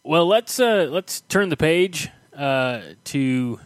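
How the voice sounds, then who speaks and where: A man hosting a podcast from home, chatting casually and rambling with many pauses and fillers. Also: on the high side, lively intonation, dry recording. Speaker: podcast host. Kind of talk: casual chat.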